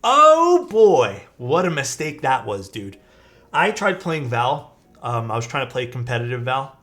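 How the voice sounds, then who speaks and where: A man's voice: mid-range voice, moderate pace, fairly bright tone. Chatty young man telling stories on stream. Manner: rambling and chatty, peppered with "like" and swearing. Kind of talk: casual storytelling while building a keyboard on a live stream. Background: faint background music.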